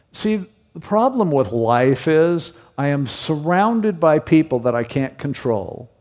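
A man's voice: a little high, a little mellow. A man preaching a Bible-teaching sermon in a conversational way, often asking rhetorical questions. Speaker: pastor. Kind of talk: expository sermon. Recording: long hall reverb.

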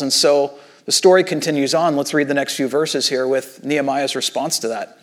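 A man preaching a sermon as a pastor, retelling Bible stories in lively acted-out voices and casual asides. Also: medium pitch, fairly quick.

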